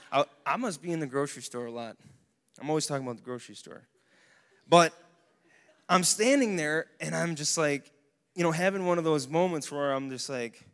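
Animated young man preaching in a hall. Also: fairly high pitch. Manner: casual, animated preaching with exclamations. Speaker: young adults speaker. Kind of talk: sermon. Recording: long hall reverb.

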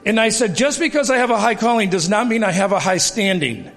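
A man in his fifties giving a church testimony to a congregation, telling his story with lively acted-out dialogue and chuckles at himself before moving into preaching. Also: high-pitched, a little fast, gravelly. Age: 50s. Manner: animated storytelling, acting out quoted dialogue, laughing at himself. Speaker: guest speaker giving testimony. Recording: reverberant hall with faint music.

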